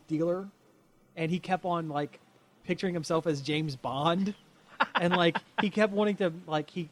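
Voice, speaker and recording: A man co-hosting a casual chat, rambling with many fillers and frequent laughs. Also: on the high side. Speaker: podcast co-host.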